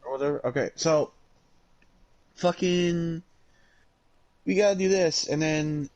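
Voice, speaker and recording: A man with a somewhat high voice co-hosting a casual podcast. He grumbles with frustration, swears often and laughs between complaints. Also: unhurried, darkish tone, muffled recording. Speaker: podcast co-host. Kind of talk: casual chat.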